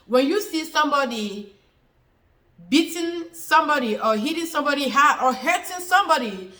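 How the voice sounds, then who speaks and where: A woman's voice: high-pitched, bright, forceful tone, rough recording. A woman explaining a health topic to her viewers in a loose, informal way, restating each point several times with fillers. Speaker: health educator answering questions. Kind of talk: informal explanatory talk to camera.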